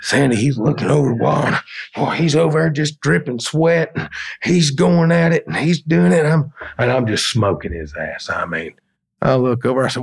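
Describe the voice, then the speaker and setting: A middle-aged man, a podcast guest telling work stories in a colloquial, animated way. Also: mid-range voice, moderate pace, creaky, breathy edge. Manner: colloquial, animated storyteller acting out quotes. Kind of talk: casual storytelling in an interview.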